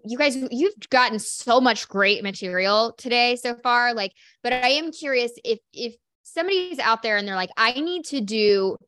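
A woman's voice: on the high side, moderate pace, few pauses, sharp tone, dry recording. A woman hosts a podcast, reflecting thoughtfully and asking open questions. She thinks aloud with easy fillers, and the recording is close and dry. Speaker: podcast host. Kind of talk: conversational interview.

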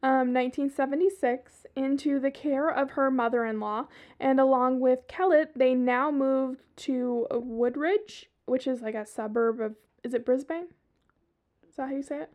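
High-voiced Southern woman telling crime stories. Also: fairly even intonation, normal speed, a little mellow. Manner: profane, chatty asides. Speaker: podcast host. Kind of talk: casual true-crime storytelling.

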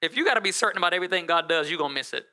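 A male pastor preaching a lively sermon in church, talking straight to the congregation and drawing it into call and response. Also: high voice, rapid-fire.

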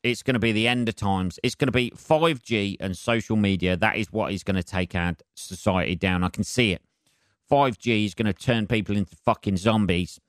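A man hosts a solo podcast in a loose, rambling monologue. His voice sits low and comes across smooth and clean. He swears freely, trails off into fillers and stays sardonic throughout. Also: moderate pace, no room sound, studio quality. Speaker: podcast host.

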